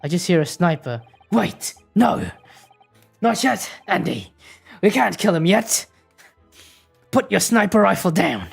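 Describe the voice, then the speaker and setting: A woman's voice: on the low side, expressive, unhurried, gravelly, pauses often, husky, soft background music. A woman streamer chatting casually and teasing her chat while playing a game. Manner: teasing, joking with chat, laughing.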